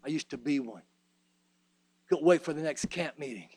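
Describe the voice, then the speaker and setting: A man preaching a sermon, swinging between hushed low asides and shouted, sing-song preaching. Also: normal speed, husky, no room sound.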